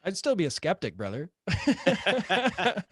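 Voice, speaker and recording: A man guest telling a casual story, lively, peppering his talk with "right?" and "like". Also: sits high, takes it slowly, slightly rough, no echo, studio quality. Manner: animated, rising to excitement; many fillers like "right?" and "like".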